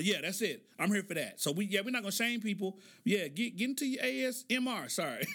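Middle-aged man, high bright voice, loose comedic podcast monologue. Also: lively intonation, brisk, slightly rough. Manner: joking, loose storytelling with laughs. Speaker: podcast host.

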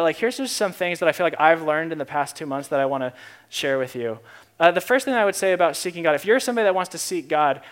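A young man giving a casual, earnest sermon, talking conversationally with frequent fillers and restarts. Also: fairly high pitch. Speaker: preacher.

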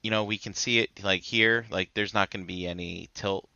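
A man hosting a casual toy review chat, relaxed and rambling with lots of fillers. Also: on the low side, a little fast, gravelly, clean tone, no echo, muffled recording. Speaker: host.

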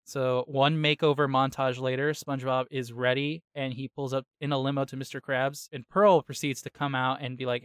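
Man, podcast host, smooth clear voice, dry close sound, lively slangy retelling. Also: mid-range voice, normal speed, few pauses, no echo. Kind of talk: casual chat, episode recap.

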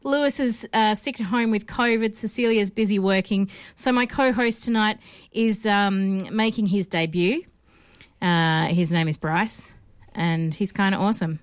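A woman's voice: medium pitch, a little slow, smooth, dry recording, clean studio sound. An Australian woman hosting a casual film podcast, chatty and rambling with lots of ums and restarts. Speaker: podcast host.

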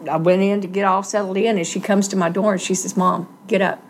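A middle-aged woman telling her own life story in a plainspoken, earnest, halting way. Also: mid-range voice, fairly even intonation, darkish tone, a little hiss or hum. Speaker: guest sharing recovery story. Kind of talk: personal testimony, casual storytelling.

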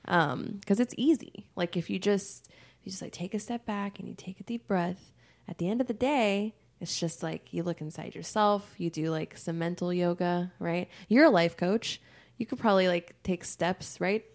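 A woman with a somewhat low voice chats casually as a podcast co-host. She talks animatedly, swears offhandedly and acts out little quotes. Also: moderate pace.

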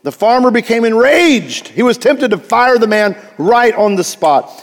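A man's voice: very high voice, big pitch swings, a little slow, long reverb tail. A male pastor preaching a sermon, telling a story with frequent restarts and asides.

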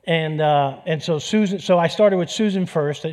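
A man's voice: a little high, normal speed, a little mellow. A man preaching a sermon, telling personal stories in a conversational way. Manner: conversational, storytelling with restarts. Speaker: pastor.

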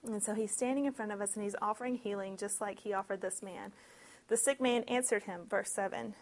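A woman preaching a sermon, reading scripture and explaining it in a conversational, expressive way with lively asides. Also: medium pitch, a little fast.

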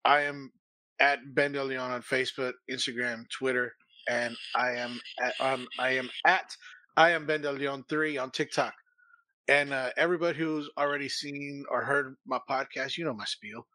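A man from Texas chatting on a podcast, joking and plugging his own show in a lively way. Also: mid-range voice, moderate pace, dry recording, low-quality recording. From Texas, USA. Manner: bright, forceful, jokey self-promoting. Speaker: podcast co-host, guest. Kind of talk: casual podcast chat.

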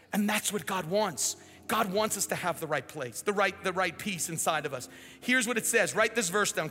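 A male pastor preaching a sermon in a church, animated and swinging between loud and hushed. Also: sits high, big-room sound. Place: large church hall.

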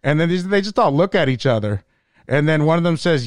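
A male stand-up comedian telling stories in casual podcast chat, profane and animated, slipping into put-on voices. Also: a little high, brisk, no room sound.

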